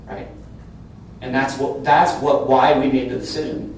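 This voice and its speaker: A man's voice: medium pitch, fairly even intonation, measured pace, darkish tone. Middle-aged guy from cincinnati talking candid to a crowd, tags everything with right?, big echoey room, mic far off. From Cincinnati, Ohio. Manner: earnest, conversational, with frequent "right?" tags. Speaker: company CEO speaking at a business breakfast. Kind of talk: candid talk to a live audience. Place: large event room. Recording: very echoey hall from far off, faint hum. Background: occasional audience laughter.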